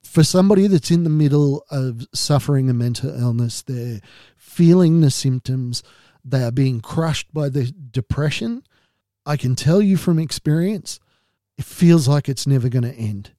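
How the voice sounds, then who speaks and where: A man's voice: mid-range voice, expressive, moderate pace, mellow, no room sound, studio quality. An Australian man hosting a podcast, talking candidly and earnestly about his own experience, with a wry edge. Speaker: podcast host. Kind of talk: personal podcast monologue.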